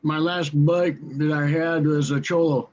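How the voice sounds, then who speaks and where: A man telling animated stories in a casual chat. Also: fairly high pitch, measured pace, dull audio. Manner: animated anecdote teller. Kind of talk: casual storytelling.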